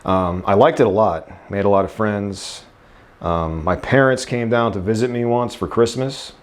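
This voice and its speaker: Low-voiced guy from New York. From New York, Staten Island. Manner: easygoing, unhurried, frequent fillers and restarts. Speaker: guest. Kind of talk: casual interview chat.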